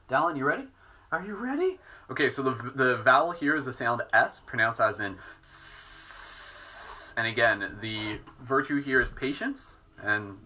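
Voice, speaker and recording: A man leading a live guided meditation in a relaxed, soft-spoken, self-mocking way. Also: mid-range voice, rough recording. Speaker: meditation teacher.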